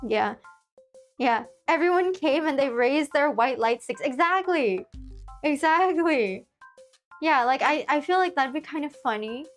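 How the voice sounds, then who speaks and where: A woman's voice: sits high, lively intonation, a little slow. A young woman streaming, chatting casually with her viewers in a giggly, rambling way full of fillers and restarts. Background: faint music.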